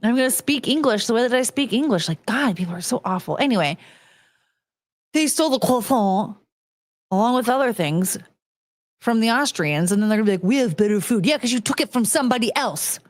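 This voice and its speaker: An American woman chats on a livestream in a loose, ranting way and swears freely. Her pitch leaps around with a lot of life. The sound is dry and close to the mic. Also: expressive, a little fast, dry recording. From United States. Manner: ranting, profane, talks to chat. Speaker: streamer host. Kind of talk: casual livestream chat.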